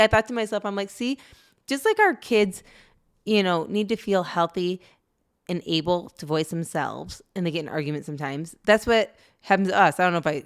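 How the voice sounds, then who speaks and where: A woman's voice: mid-range voice, smooth. A middle-aged woman co-hosting a parenting podcast, telling family stories in a chatty way with frequent laughs. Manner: chatty storytelling, laughs often, frequent "you know". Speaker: podcast co-host. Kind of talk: casual chat.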